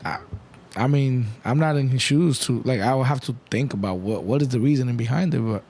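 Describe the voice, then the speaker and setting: A man co-hosting a podcast in casual chat, mostly reacting with short agreements and measured remarks. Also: mid-range voice, darkish tone. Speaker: podcast co-host.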